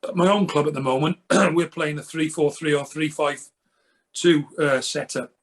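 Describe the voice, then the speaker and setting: Earnest older man, slightly high voice. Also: steady tone, moderate pace. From Wales. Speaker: guest, goalkeeping coach. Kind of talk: casual interview.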